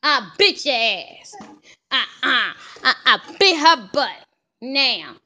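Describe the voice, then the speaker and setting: A young woman with a high, bright, piercing voice films a casual home vlog. She teases small children playfully and calls out to them loudly, taking her time between phrases. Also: very animated, takes it slowly. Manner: playful teasing, loud call-outs to small children. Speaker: vlogger filming toddler twins.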